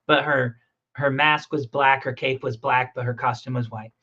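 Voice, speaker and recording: A man's voice: mid-range voice, moderate pace. Chatty man, muffled lo-fi sound. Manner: rambling, animated storytelling with restarts. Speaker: comic creator and podcast host. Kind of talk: casual conversation. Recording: muffled lo-fi audio.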